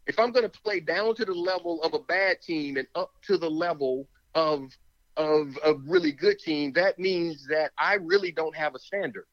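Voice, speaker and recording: A man's voice: on the high side, normal speed, highs cut off. A man, a former football player, arguing his point emphatically in a sports talk show, often repeating words. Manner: emphatic, repeats words, talks himself out of breath. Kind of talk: sports talk, animated argument.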